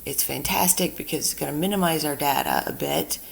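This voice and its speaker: A woman instructor giving a screen-recorded software tutorial, chatty and talking herself through each step. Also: low-pitched, a little fast, creaky, a little hiss or hum.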